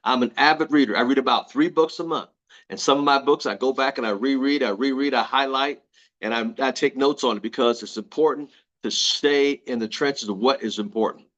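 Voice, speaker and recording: A man's voice: medium pitch, brisk, fairly bright tone. Guy preaching motivation to a crowd, repeats everything for emphasis, kinda muffled lo-fi sound. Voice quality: emphatic, repeats key phrases. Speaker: motivational speaker. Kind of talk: motivational talk to an audience.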